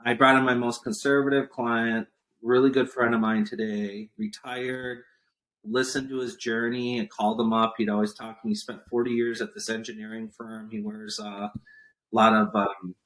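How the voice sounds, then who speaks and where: In a storytelling interview chat, an entrepreneur guest on a podcast animatedly recounts a business story and acts out others' lines. His voice is mid-range and his pace moderate.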